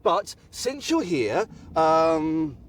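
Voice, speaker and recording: A man's voice: fairly high pitch, big pitch swings, drawn-out words. An English man hosting a comic show on location, sarcastic and teasing in his banter. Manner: sarcastic, mock-posh banter. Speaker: host.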